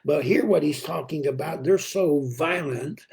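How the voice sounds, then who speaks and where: A man preaching a daily devotional in an unhurried way, with many pauses and fillers. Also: on the high side, vocal fry, a crowd in the background. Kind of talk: devotional Bible talk.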